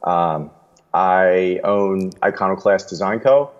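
A man, a graphic designer who answers interview questions in a relaxed, easygoing way. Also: sits low, slow, highs cut off. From Long Island, New York. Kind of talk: interview conversation.

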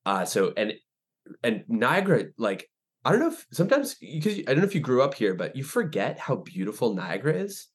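A young man, a ministry director, telling stories as a podcast guest, animated and full of restarts. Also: mid-range voice, fairly quick, husky. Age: young adult. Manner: animated storyteller, many restarts and fillers. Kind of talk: casual interview chat.

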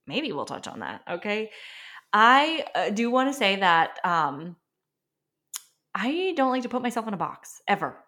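A woman's voice: mid-range voice, a bit bright. A woman in her thirties hosting a solo podcast, talking casually and emotionally with many fillers and frequent laughs. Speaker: podcast host.

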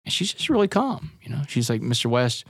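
A man's voice: sits high, very animated, quick pace, husky, dry recording, studio quality. A man guest on an interview podcast, telling his story in an earnest, intense way and often calling the listener "man" and "brother".

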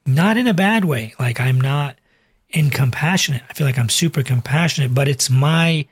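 A man's voice: medium pitch, moderate pace, husky, no echo. A man in his forties, a cardiologist and weight loss coach, telling a patient story in a chatty, rambling way full of fillers and asides. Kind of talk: casual storytelling monologue to camera.

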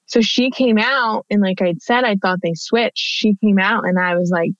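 A woman's voice: mid-range voice, moderate pace, no room sound. Chatty woman telling a story, dull sound. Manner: chatty, with many fillers and restarts. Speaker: guest telling her birth story. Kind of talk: conversational storytelling. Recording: dull, dry lo-fi audio.

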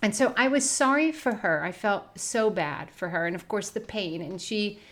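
A woman's voice: medium pitch, expressive, normal speed, fairly bright tone. A young adult woman co-hosting a faith podcast, telling a personal story in an earnest, reflective way. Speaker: podcast co-host.

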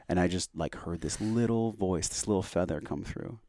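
A man's voice: low voice, normal speed, mellow, no room sound, studio quality. A man speaking as a podcast guest, telling a personal story in an earnest, heartfelt, reflective way.

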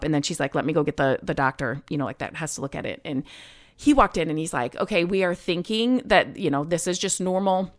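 A woman hosting a podcast, telling a personal story in a rambling, emotional way with many fillers. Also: fairly low pitch. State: choked up at times. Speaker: podcast host.

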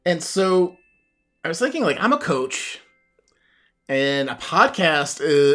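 A man's voice: fairly high pitch, fairly bright tone. A man hosting his own podcast and talking alone to a camera as a coach, reflective and rambling, with many fillers and restarts. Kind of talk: solo podcast monologue.

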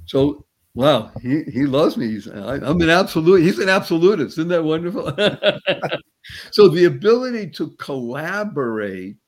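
A man giving an animated, uplifting motivational talk as a guest. He quizzes his listener playfully and slows and stretches words to stress a point. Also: fairly high pitch. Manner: playful, teacherly, quizzes the host; spiritual, uplifting tone. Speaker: guest speaker.

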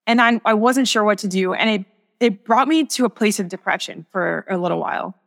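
A woman's voice: mid-range voice, brisk, a bit bright, in a large hall. A young woman, a sacred artist, speaking as a guest in a podcast interview, telling a personal faith story in an earnest, reflective way with many restarts.

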